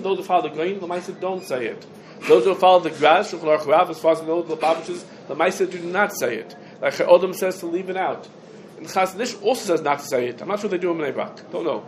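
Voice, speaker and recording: A man with a fairly high voice gives a halachic lecture, talking it through out loud and dropping Hebrew and Yiddish terms into his English. Faint background noise sits under the recording. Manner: thinks aloud, mixes Hebrew and Yiddish terms. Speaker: Torah teacher.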